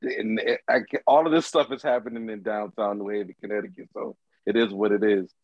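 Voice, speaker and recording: A man's voice: on the low side, steady tone, brisk, no room sound, dull audio. A man co-hosting a podcast, starting a short story in loose, casual chat.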